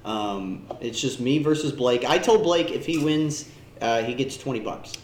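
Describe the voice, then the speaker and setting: A man's voice: mid-range voice, measured pace, a little hiss or hum. A young man co-hosting a podcast, talking in cocky, boastful banter. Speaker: co-host. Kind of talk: casual chat. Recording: echoey room.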